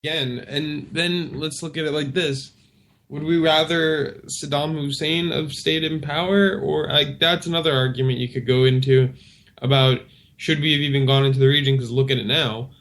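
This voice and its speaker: Male radio co-host, slightly high voice, hesitant and casual in debate. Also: fairly even intonation, moderate pace, fairly bright tone. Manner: casual, hesitant, many fillers. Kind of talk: political debate on talk radio.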